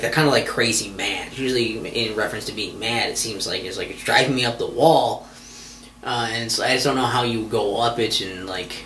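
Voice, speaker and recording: A man's voice: mid-range voice, fairly bright tone, slight background noise. A man hosting a podcast, rambling through a comedic monologue with lots of swearing, fillers and restarts. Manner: profane, exasperated, many fillers and restarts. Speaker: podcast host. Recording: roomy echo.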